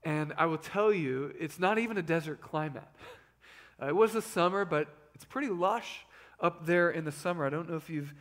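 Animated pastor preaching a sermon. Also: male voice, on the high side, normal speed. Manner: animated preaching, swings between loud emphasis and hushed asides.

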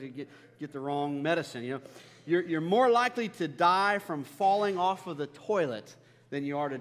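Male pastor, sermon, funny storytelling, slightly high voice, big reverberant church hall. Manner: storytelling with humor, animated and self-deprecating.

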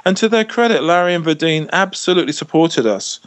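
A man's voice: fairly high pitch, animated, fairly quick, no echo. A man who is a musician guest, telling stories in a casual interview over a video call, with lots of restarts. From England. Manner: chatty, lots of restarts and "you know".

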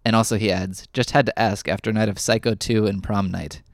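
A man's voice: fairly low pitch, fairly even intonation, brisk, no room sound, clean studio sound. A man co-hosting a podcast in casual chat, rambling and enthusiastic, a little self-deprecating. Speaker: podcast co-host.

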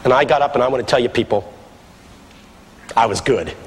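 A man from West Philadelphia telling a humorous sermon story, lively and building to shouts. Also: medium pitch, brisk. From West Philadelphia, USA. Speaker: preacher, guest speaker. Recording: archival talk in a reverberant hall with background noise.

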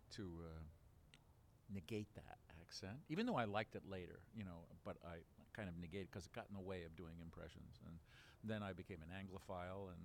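Deep and gravelly, this man's voice carries over slight background noise as he recalls his past in an easygoing interview. He's in his seventies, from Baltimore, and wanders through memories with frequent fillers and false starts.

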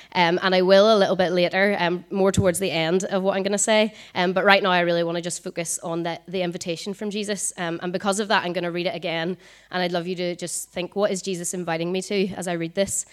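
Young woman preacher, lowish voice, quick and chatty with lots of ums. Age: 20s. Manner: fast talker, frequent ums. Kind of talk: conversational sermon. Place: church service.

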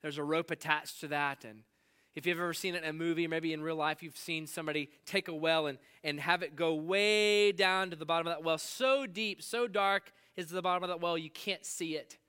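A man preaching a sermon with a bright, crisp voice pitched a little high. He slows right down to press on key words and lets his voice drop low and quiet for personal moments. He sounds like a pastor in his forties.

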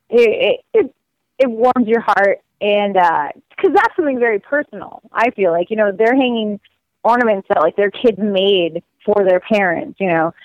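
A woman guest telling stories in a casual, lively way, full of "like" and acted quotes. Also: mid-range voice, dry recording, dull audio. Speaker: guest describing her cross-country walk. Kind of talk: casual storytelling.

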